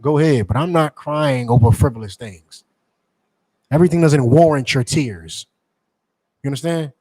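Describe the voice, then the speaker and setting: A man delivering a forceful sermon to his members, repeating points and asking rhetorical questions. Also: medium pitch, moderate pace, no echo, low-quality recording. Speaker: teacher addressing members. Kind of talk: street-preacher style sermon.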